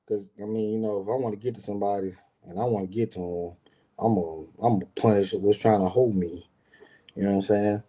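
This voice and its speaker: Man telling a street story, worked up. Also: lowish voice. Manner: animated, acts out quotes, frequent fillers and profanity. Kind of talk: casual storytelling.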